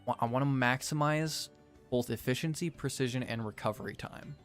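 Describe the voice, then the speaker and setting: A young gaming video creator gives casual let's-play commentary, narrating his gameplay with jokes, self-deprecation, and theatrical outbursts. His voice sits in the mid-range, he speaks fairly quickly, and faint music plays in the background.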